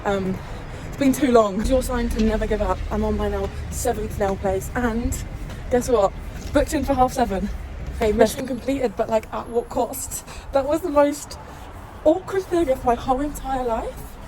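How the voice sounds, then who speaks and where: A woman's voice: a little high, normal speed, background noise. A young British woman vlogging on her travels in a chatty, rambling way, swearing freely and laughing often. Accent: British English. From Britain. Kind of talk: casual chatty travel vlog. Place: outdoors while travelling.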